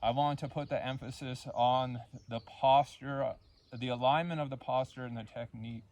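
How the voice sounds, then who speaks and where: A man leading a yoga class, cueing poses and breaths in a calm, unhurried way and counting the holds. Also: medium pitch. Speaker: yoga instructor. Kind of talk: guided yoga class instruction.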